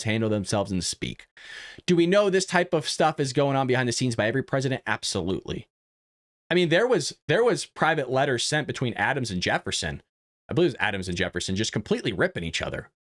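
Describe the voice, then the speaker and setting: A man's voice: a little high, a bit bright. A man hosting a casual political commentary livestream, talking in a chatty, conversational way. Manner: chatty, conversational, lots of "you know what I mean". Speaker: host.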